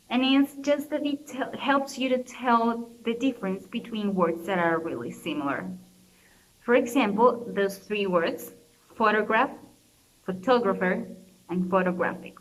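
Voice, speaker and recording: Young Colombian woman explaining syllables. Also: medium pitch. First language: Spanish. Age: young adult. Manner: explanatory, repeats and restarts phrases. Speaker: student presenter. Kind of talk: recorded class presentation.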